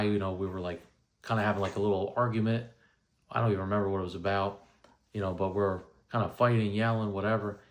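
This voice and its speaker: A man in his thirties casually telling a first-person story, rambling with lots of "you know" and "right?". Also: fairly low pitch. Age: 30s. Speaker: vlogger recounting paranormal experiences.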